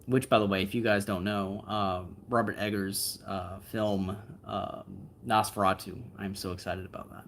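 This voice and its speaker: A man with a lowish voice and level tone hosts a livestream, chatting casually with viewers and answering their comments. He rambles along easily at a moderate pace, full of fillers and asides, his voice a bit bright over slight background noise.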